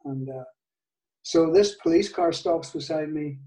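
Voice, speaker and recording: An older man with a Northern Irish accent, telling a story in an interview, halting, with many restarts and soft laughs. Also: on the high side, far from the mic. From Northern Ireland. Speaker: guitar maker, guest. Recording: echoey room, off-mic.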